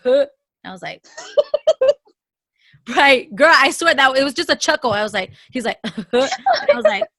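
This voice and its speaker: A woman's voice: high-pitched, expressive, moderate pace, long pauses, pushed and bright, dry recording. A woman co-hosting a casual podcast, telling a story animatedly with lots of swearing and laughter. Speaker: podcast co-host. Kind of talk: casual chat.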